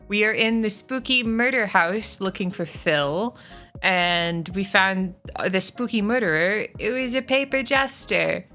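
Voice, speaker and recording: Woman streamer, casual chatty ranter, bright tone, faint music behind. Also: mid-range voice. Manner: chatty, swearing, animated rants. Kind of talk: casual stream chat, reading chat.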